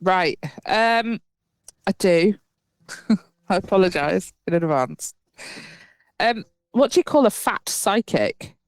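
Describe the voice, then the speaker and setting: A woman's voice: medium pitch, expressive, takes it slowly, long pauses, no room sound. Giggly woman podcast co-host. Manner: giggly, reacts with laughter and groans. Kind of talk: casual podcast chat.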